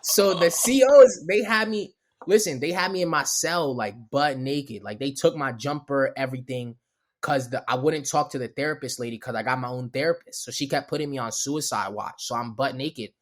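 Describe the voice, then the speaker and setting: A young man spins a long story on a podcast and keeps breaking into laughter. He jumps up into a louder, higher voice whenever he acts out what someone said. His pitch is mid-range and his delivery is loose and casual. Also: normal speed. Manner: animated, laughs often, acts out quotes in a raised voice. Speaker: podcast guest telling a story.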